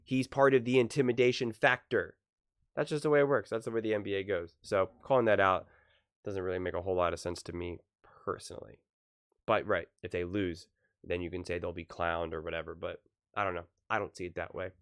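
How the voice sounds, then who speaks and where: Young man, sports commentary host, emphatic, animated, punchy, speaks straight to his viewers. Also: sits low, a little fast, clean tone, no echo, clean studio sound. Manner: animated, emphatic, quoting players in punchy voices. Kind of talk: solo sports opinion commentary.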